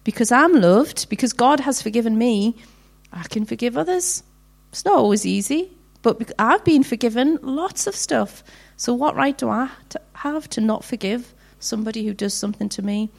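A middle-aged woman giving a heartfelt devotional talk to women, slowing down to read scripture passages earnestly. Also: on the high side, lively intonation, vocal fry. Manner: heartfelt, earnest, slows down for readings. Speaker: women's ministry speaker.

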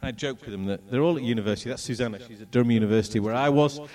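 A middle-aged man from England telling a personal testimony with slides, in an animated storytelling manner. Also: medium pitch, very fast, distant mic. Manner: animated storytelling, acts out voices and moments. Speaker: speaker telling his testimony.

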